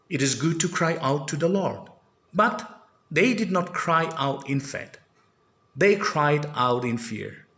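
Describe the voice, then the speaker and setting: A man's voice: a little high, a bit bright. Man preaching in an echoey room. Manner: earnest, reads scripture aloud then applies it. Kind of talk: sermon.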